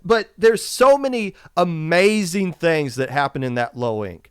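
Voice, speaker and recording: A man hosting a podcast, delivering an emphatic, impassioned rant and repeating his points, his voice going hoarse. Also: on the high side, animated, a little slow, no room sound, studio quality. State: losing his voice. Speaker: podcast host. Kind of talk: opinionated esports podcast rant.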